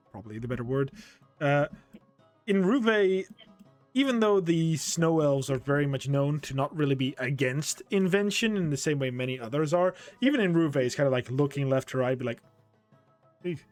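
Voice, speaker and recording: A young man narrating as game master, animated, full of fillers and laughter. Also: medium pitch, normal speed, soft background music.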